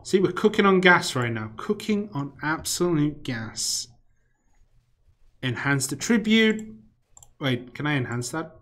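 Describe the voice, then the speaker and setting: A man's voice: a little high, big pitch swings, measured pace, long pauses, bright, forceful tone. A young man live-streaming a game, rambling casually, swearing freely and muttering or humming to himself as he plays. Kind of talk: casual live-stream chat while playing.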